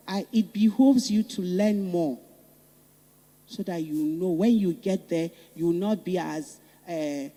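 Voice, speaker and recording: A woman's voice: lowish voice, dark tone. A woman with a Nigerian accent giving a fervent public speech, repeating phrases for emphasis. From northern Nigeria. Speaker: summit speaker. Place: conference hall. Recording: reverberant conference hall.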